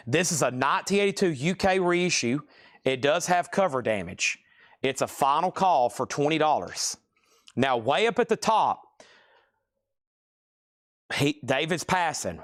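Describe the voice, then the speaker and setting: A man hosting a live-stream vinyl auction, calling bids and names in hyped, rapid patter and acting out buyers' amazed reactions. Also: on the high side, fairly bright tone. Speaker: live sale host.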